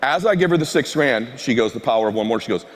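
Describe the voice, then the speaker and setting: A middle-aged man giving a keynote on stage, telling a self-mocking story that swings from hushed asides to shouting. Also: medium pitch, expressive, fast. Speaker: motivational speaker. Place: large event hall stage. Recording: long hall reverb from a live stage.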